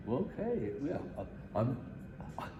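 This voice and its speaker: A man's voice: mid-range voice, sing-song, slow, vocal fry. An older Englishman with an English accent answering interview questions in a hesitant, self-deprecating way, full of restarts. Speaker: improvising vocalist interviewed. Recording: echoey room with loud ambient noise.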